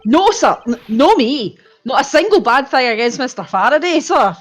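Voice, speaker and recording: A woman playing a loyal, flustered detective who protests his innocence loudly and earnestly. Her pitch sits a little high, with background music faint behind. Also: lively intonation, moderate pace. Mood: protesting. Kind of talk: reading game dialogue aloud.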